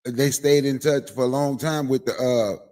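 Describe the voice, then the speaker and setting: A man's voice: mid-range voice, normal speed, a little mellow. A man from Mississippi presenting history in a laid-back, casual way, with Southern vernacular. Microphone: online call.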